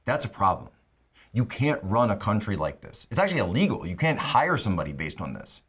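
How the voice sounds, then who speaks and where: Lively sarcastic male talk host. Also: lowish voice, fairly quick, breathy edge. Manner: sarcastic, emphatic delivery. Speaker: political talk show host. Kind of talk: monologue commentary.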